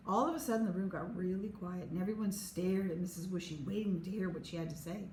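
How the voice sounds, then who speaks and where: A woman reading a children's chapter book aloud in an expressive, unhurried way. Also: lowish voice. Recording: echoey room, faint hum.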